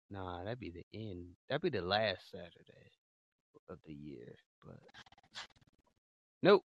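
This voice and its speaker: Low, gravelly man on a muffled mic. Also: no echo. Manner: laid-back, slangy, laughs along. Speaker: podcast co-host. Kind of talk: casual chat. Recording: slightly muffled lo-fi mic, dry.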